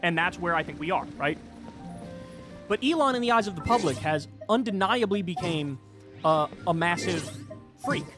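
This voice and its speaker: A man's voice: high-pitched, lively intonation, moderate pace, long pauses, music in the background. A man delivering indignant political commentary, sarcastic and full of swearing.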